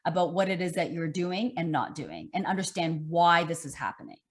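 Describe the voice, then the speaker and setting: A woman's voice: on the low side, brisk. Emphatic woman fitness coach. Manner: animated, repetitive, emphatic coaching talk. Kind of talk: online summit interview.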